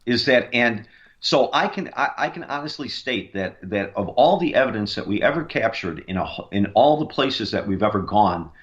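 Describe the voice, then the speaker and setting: A man's voice: medium pitch, expressive, normal speed, fairly bright tone, highs cut off. A man, a paranormal investigator, tells a long story in a rambling way, with many fillers and restarts. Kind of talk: casual storytelling on a radio interview.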